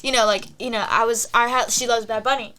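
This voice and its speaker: A woman's voice: on the high side, steady tone, fast talker, sharp tone, slight background noise. A young adult woman, a podcast guest, telling a story in casual chat, full of fillers and acting out what her friends said. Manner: chatty, lots of fillers, acts out quoted friends.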